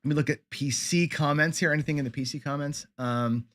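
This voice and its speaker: A man's voice: fairly high pitch, steady tone, fairly quick, fairly bright tone. Casual male livestream gambling teacher. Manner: conversational, many fillers and restarts. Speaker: host of a live gambling lesson show. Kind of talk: casual livestream teaching, reading viewer comments.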